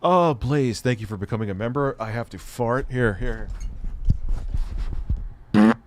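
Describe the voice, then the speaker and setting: A middle-aged man chatting casually as a livestream host, with a voice in an ordinary middle register. He talks loosely and swears freely. He laughs a lot and keeps breaking into sudden excited bursts. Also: medium pitch, measured pace, a little hiss or hum.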